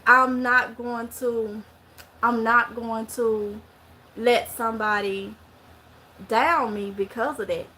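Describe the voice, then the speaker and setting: Woman, middle-aged, Mississippi Southern accent, high-pitched, bright and forceful, animated casual storytelling vlog. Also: takes it slowly, a little hiss or hum. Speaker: vlogger. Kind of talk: casual monologue to camera.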